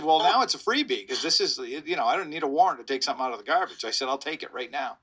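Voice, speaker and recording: A man's voice: mid-range voice, very animated, quick pace, sharp tone, slight background noise. A middle-aged man, a police public information officer, telling a rambling anecdote in an interview and chuckling as he goes.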